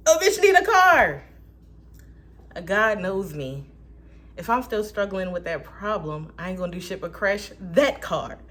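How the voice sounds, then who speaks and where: A young woman with a lowish voice vlogs a casual faith monologue. She's candid and profane, tossing in animated asides and quick quotes where she switches voices.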